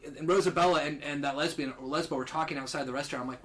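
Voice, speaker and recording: A man's voice: fairly high pitch, big pitch swings, very fast, heavy background noise. A young man, a podcast guest, telling a rambling, profane story in casual chat and acting out the voices of the people in it. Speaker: podcast guest, aspiring stand-up comedian.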